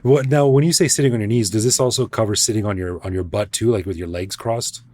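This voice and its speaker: A man's voice: fairly low pitch, fast talker, warm tone, dry recording. A man from Canada co-hosting a podcast, easygoing and joking in casual chat. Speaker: podcast co-host.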